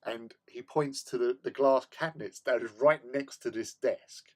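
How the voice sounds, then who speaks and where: In his home hobby room, a man hosting a casual stream tells an animated story, laughing often and stammering over repeated words. His voice is medium-pitched at an ordinary speed.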